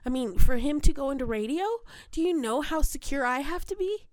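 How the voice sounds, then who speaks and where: A woman hosting a podcast, telling a story in casual chat, animated and profane, laughing often. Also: sits high, fairly quick, dry recording, clean studio sound. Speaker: podcast host.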